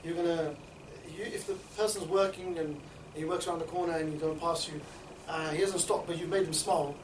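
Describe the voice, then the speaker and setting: A man training a group in street outreach, talking in a rapid, chatty way and often checking in with his listeners. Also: a little high, steady tone, background noise. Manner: rapid, chatty, keeps checking in with "yeah?" and "right?". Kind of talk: instructional group talk. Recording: echoey room, mic at a distance.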